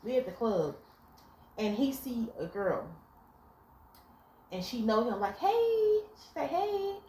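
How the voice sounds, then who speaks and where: At a medium pitch and a slightly slow pace, a young woman swears her way through animated stories while offering frank relationship advice in a casual vlog. The room echoes, with faint ambience audible.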